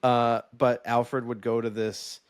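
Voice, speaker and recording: A man co-hosting a podcast in casual chat, telling stories with lively quoted voices and frequent laughs. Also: medium pitch, takes it slowly, no echo. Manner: animated storytelling with quoted voices, laughs often. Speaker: podcast co-host.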